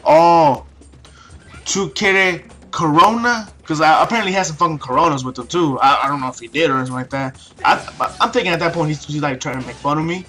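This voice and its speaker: A man's voice: fairly high pitch, very fast, few pauses, pushed and bright, faint music behind. A teenage guy telling a story to a camera in a casual, foul-mouthed way, with lots of fillers and restarts. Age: late teens. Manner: heavy swearing, many fillers and restarts. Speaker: vlogger.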